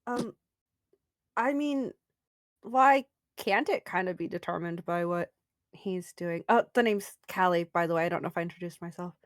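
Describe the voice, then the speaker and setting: A woman's voice: on the low side, moderate pace, no room sound, clean studio sound. A woman playing her character in a tabletop game, hesitant and often laughing. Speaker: player. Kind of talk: in-character tabletop role-play.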